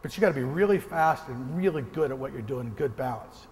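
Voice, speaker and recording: A motivational speaker from the American Northwest, a man, telling a lively story during a keynote and acting out gunshots. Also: medium pitch, brisk, big-room sound, slight background noise. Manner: animated, acts out gunshots and quoted voices. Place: large hall before an audience.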